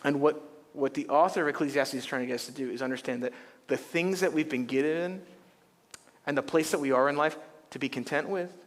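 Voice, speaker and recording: Man, middle-aged pastor, fairly high voice, lively storytelling, long church reverb. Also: fairly quick. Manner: animated storytelling with humor. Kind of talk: sermon. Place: church auditorium.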